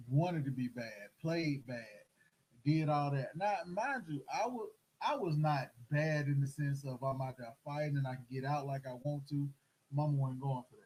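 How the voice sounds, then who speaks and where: A middle-aged man telling a story in casual chat, animated and acting out the voices of the people in it. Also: on the high side, normal speed, poor audio. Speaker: host.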